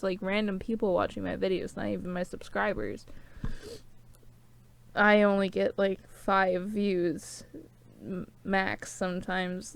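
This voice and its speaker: Slow, sniffly young woman rambling. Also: mid-range voice, creaky, clean tone. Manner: rambling, heavy use of "like". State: sniffly and tearful. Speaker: small-channel vlogger. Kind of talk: rambling casual to-camera chat.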